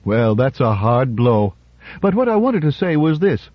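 A man reading aloud and voicing a smooth, self-assured male lawyer-politician with a wry, gently teasing manner. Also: mid-range voice, very animated, a little slow, no echo, pitched above the performer's own voice. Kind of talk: radio story reading. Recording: dull, dry radio recording.

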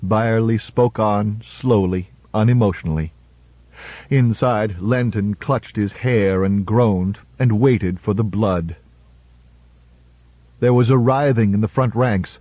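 A male narrator reading a story in a measured, dramatic way. The sound is dry and close, with a slightly muffled, dull tone. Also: lowish voice, dry recording. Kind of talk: audiobook narration. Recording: slightly muffled audiobook recording.

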